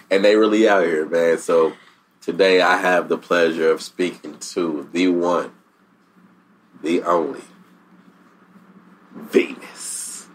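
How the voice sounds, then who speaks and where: A man's voice: sits low, slow pace, long pauses, a little hiss or hum. A man with a Bay Area accent hosting a casual podcast, slangy and laughing often. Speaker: podcast host.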